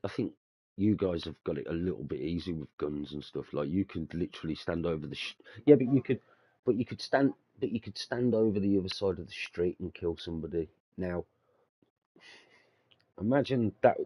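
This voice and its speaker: A deep, husky, dark-toned voice belongs to a young man speaking a little fast on a dry recording. He's a podcast host who tells stories in casual conversation, laughs a lot, swears freely, and uses slang like "mate" and "bruv."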